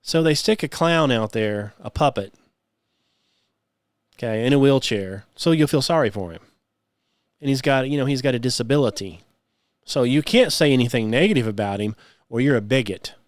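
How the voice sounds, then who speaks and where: A man's voice: medium pitch, animated, moderate pace, long pauses, dry recording, clean studio sound. A man hosting a solo podcast, speaking, mocking and sarcastic, full of rhetorical questions. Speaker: podcast host.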